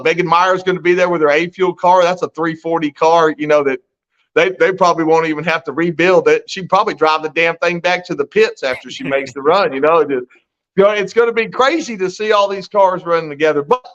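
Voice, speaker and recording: A man's voice: on the high side, fairly bright tone, lo-fi sound. A man co-hosting a podcast, rambling in a folksy way with mild swearing. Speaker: podcast co-host. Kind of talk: casual podcast chat.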